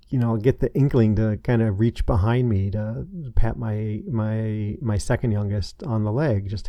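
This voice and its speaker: A man hosting his own podcast, telling a painful personal story in a halting way, full of restarts and fillers. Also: on the low side, steady tone, dry recording, lo-fi sound. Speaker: podcast host. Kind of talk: personal confessional monologue.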